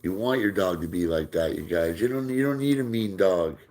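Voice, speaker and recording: A man with a somewhat low voice hosts a casual live stream and chats easily with his viewers. He reads out their comments and answers them. Between comments he throws a ball for his dog and drops into soft baby talk with it. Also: a little fast. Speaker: livestream host.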